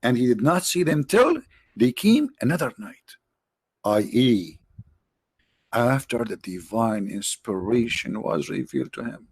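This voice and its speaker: A man talks through a live religious stream, joking sarcastically with viewers and wandering off topic. His voice sits at an ordinary middle pitch, picked up close and dry with no room sound. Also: big pitch swings, measured pace, husky, no room sound. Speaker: online show host.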